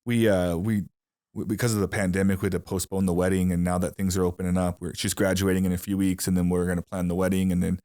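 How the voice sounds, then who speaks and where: A young man hosting a podcast talks fast in a fairly low voice. He is casual and agreeable, and he keeps affirming his guest. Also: little pitch movement, mellow. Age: young adult. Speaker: podcast host. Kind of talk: casual chat.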